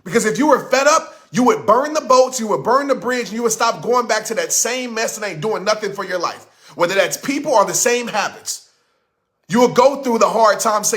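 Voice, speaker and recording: A man's voice: high-pitched, lively intonation, brisk, a bit bright. A man giving a blunt, impassioned motivational talk. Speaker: motivational speaker.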